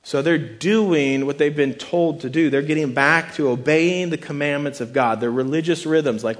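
A man's voice: on the high side, a little slow, few pauses. A man preaching a sermon in a conversational way, often restarting words and acting out quoted thoughts. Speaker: pastor.

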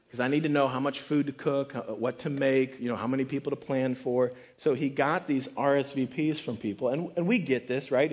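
A man preaching a relaxed, conversational sermon on a Bible passage, joking and saying "like" often. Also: medium pitch, husky. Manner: relaxed and joking, heavy use of "like". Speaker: pastor teaching a Bible passage.

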